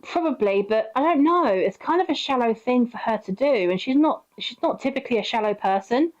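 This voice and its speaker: A woman's voice: on the high side, lively intonation, a little fast. Woman in her twenties, chatty storytime vlogger; rambling delivery, muffled lo-fi mic. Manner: rambling, with many fillers and acted quotes. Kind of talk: casual storytime monologue. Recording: dull lo-fi recording.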